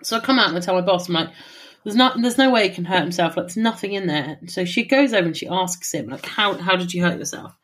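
Animated woman telling stories. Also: fairly low pitch, quick pace. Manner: animated storytelling, swears freely. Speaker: podcast co-host. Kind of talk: casual chat.

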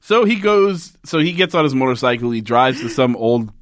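A man co-hosting a podcast, recapping a show in loose, profane casual chat and acting out the characters' lines in quick voices. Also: mid-range voice, expressive, no room sound, clean studio sound. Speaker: podcast co-host.

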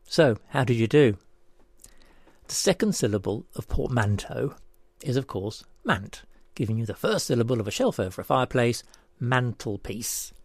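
A man presenting a scripted word puzzle, deliberately spelling out each step. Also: medium pitch, very animated, darkish tone, breathy edge, dry recording.

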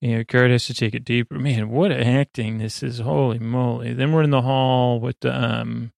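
A man hosting a sleep podcast, casually retelling a story in a slow, meandering way full of filler words. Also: fairly even intonation, vocal fry, a little mellow, no room sound. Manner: meandering, many uh fillers and 'he goes'; slow, low-key delivery. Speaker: podcast host. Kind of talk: rambling sleep-podcast episode recap.

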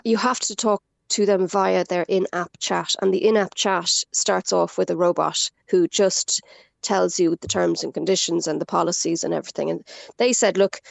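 Irish woman, radio guest, gravelly voice, dry close sound, animated storyteller. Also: mid-range voice, no room sound. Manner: animated storytelling, quotes others. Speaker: scam victim guest. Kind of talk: radio interview.

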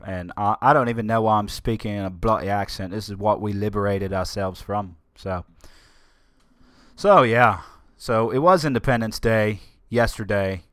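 An American man talks through his solo podcast in a loose, rambling way, tripping over words and starting sentences again. His voice sits a little low. The recording is dry and close, with no room sound. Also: moderate pace, fairly bright tone, no room sound. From United States. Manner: rambling, stumbles and restarts often. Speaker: podcast host. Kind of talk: casual solo podcast chat.

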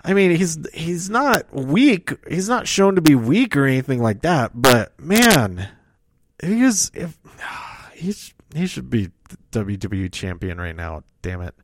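A man's voice: a little high, very animated, a little slow, no room sound. A man casually recapping a wrestling show, rambling and correcting himself as he goes. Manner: rambling, self-correcting, chuckles at own slips.

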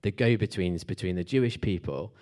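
Guy preaching, pretty low voice, chatty, lots of ums and restarts. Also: brisk, a little mellow. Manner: conversational, with fillers and restarts. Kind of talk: sermon.

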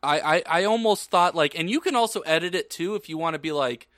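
A man co-hosting a podcast, chatting casually in a rambling, halting way. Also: on the high side, a bit bright, no echo, studio quality. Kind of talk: casual chat.

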